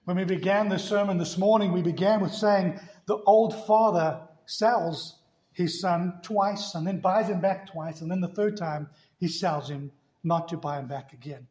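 A man's voice: high voice, normal speed, darkish tone. A man preaching a sermon as pastor, telling stories with emphatic, rising delivery. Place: church.

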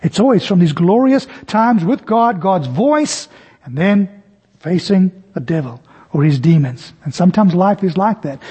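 Man preaching, storytelling sermon, high husky voice, echoing hall. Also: mellow. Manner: storytelling, acts out scenes with varied pitch. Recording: long hall reverb.

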